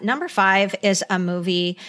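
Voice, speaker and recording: A woman's voice: medium pitch, normal speed, loud music behind the voice. A middle-aged woman co-hosting a podcast, earnestly recounting an old TV movie in casual chat with many fillers. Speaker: podcast co-host.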